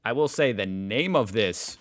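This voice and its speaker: Unhurried and expressive, a middle-aged American man's voice sits on the low side as he hosts a reaction video in the United States. He thinks out loud in a casual, amused way, with plenty of fillers.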